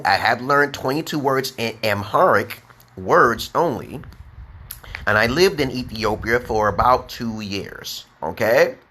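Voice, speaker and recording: A man giving a casual livestream English lesson, speaking slowly and simply and reading chat comments aloud. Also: medium pitch, pushed and bright. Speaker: English teacher.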